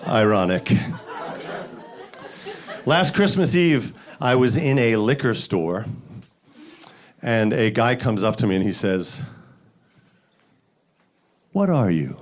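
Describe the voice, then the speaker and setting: A man from the Bronx, performing a stand-up comedy set with deadpan setups and sudden loud punchlines. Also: fairly low pitch, slow, pauses often, some chatter behind. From the Bronx, New York. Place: comedy stage with live audience.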